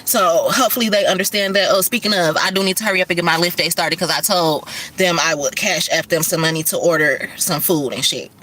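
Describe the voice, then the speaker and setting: A middle-aged woman vlogging in casual chat, talking fast and rambling, with lots of swearing, seemingly from her car. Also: on the low side, pushed and bright. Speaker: vlogger and rideshare driver.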